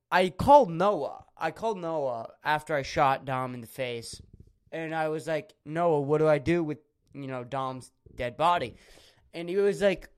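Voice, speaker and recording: A man's voice: a little high, clear, resonant tone. A young man hosting a casual podcast monologue, rambling through crude, absurd stories with lots of fillers. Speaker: podcast host.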